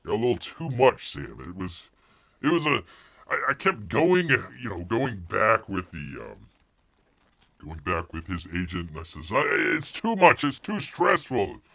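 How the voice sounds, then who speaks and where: A man's voice: on the low side, animated, normal speed, creaky, bright, forceful tone. A man hosting a casual livestream, telling a rambling story with many fillers and restarts. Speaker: livestream host.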